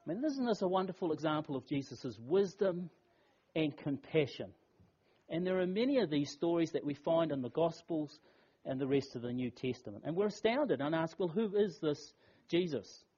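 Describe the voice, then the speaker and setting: A man preaches a funeral sermon with a slightly high yet mellow, husky voice. He tells the story earnestly and leans on rhetorical questions. The recording sounds dull and lo-fi. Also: animated, moderate pace. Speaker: pastor.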